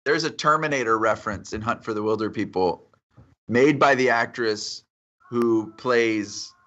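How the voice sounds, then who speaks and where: Bright-voiced man recommending films. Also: fairly low pitch, measured pace, highs cut off. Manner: enthusiastic, quotes scenes. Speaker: podcast co-host. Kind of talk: casual movie chat.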